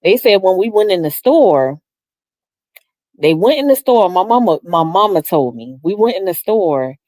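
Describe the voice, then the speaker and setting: A middle-aged livestream host talks at normal speed in a clean studio recording with no echo. Her chat is casual: reading comments, telling family stories, laughing frequently, animated throughout, and acting out quotes in a high voice.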